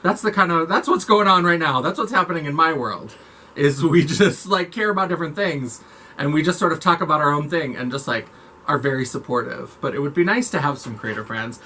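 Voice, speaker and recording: Brief: man vlogger, campy chatty delivery, bright forward tone, slightly raised pitch, faint noise under it. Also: a little fast. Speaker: makeup vlogger. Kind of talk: casual chat to camera.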